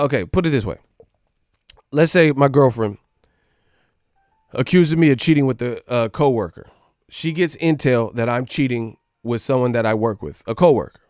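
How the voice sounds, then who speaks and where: A man's voice: mid-range voice, darkish tone, dry recording, clean studio sound. A cocky man ranting about boxing, talking brashly and swearing a lot. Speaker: boxing commentator. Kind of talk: profane ranting monologue.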